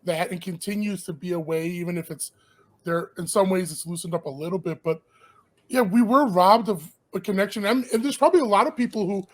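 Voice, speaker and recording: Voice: medium pitch, fairly quick. A casual livestream host interviewing a band. The talk is loose and rambling, with restarts and slangy asides.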